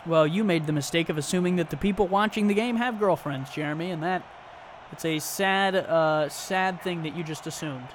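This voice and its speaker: A man giving play-by-play commentary on a simulated football game, with brisk calls and dry joking asides. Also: on the high side, slight background noise. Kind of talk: live esports football commentary.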